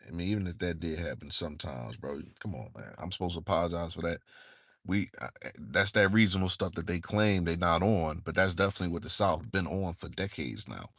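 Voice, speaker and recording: Low-voiced exasperated man ranting. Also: a little fast, fairly bright tone, no echo, studio quality. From Northeastern US. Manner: exasperated, repeats "man" and "bro". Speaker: channel host. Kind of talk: casual commentary rant.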